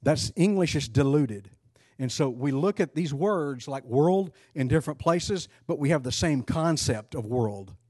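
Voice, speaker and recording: Man teaching a Bible class, mellow voice. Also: on the high side, lively intonation, unhurried, husky, dry recording, studio quality. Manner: conversational, quizzes the class, frequent restarts.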